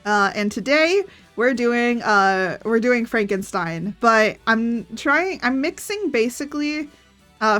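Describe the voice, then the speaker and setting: Woman, livestream chat, giggly, rambling, slightly high voice, faint music underneath. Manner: giggly, rambling, animated retelling. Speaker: streaming artist.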